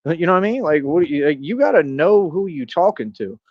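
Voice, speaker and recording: A man's voice: a little high, lively intonation, fairly quick, no echo. A man in his thirties ranting boastfully and confrontationally in a rambling livestream monologue. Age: 30s. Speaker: streamer. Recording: dull lo-fi dry sound.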